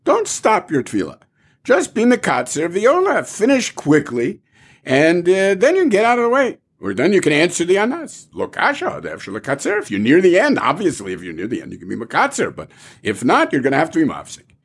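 A man teaches a Talmud class in a lively, rising-and-falling voice, firing off rhetorical questions. His tone is fairly high with a husky grain. He mixes Hebrew terms into casual explanation. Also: brisk.

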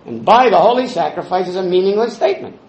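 A man teaching a Talmud class in a fairly high voice that rises and falls a lot. He works through the text step by step, quoting Hebrew and Aramaic phrases, and the room around him echoes. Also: animated, fast, darkish tone.

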